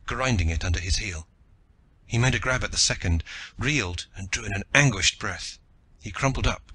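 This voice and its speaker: Low-ish guy reading an audiobook, punchy bright voice, faint hiss behind. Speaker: audiobook narrator. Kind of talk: first-person audiobook narration.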